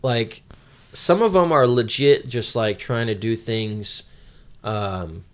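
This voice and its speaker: Casual male podcast co-host, mid-pitched, rambling recap full of fillers and the odd curse. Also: slow. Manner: loose storyteller with many ums and uhs; swears casually. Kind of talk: casual chat recapping a manga.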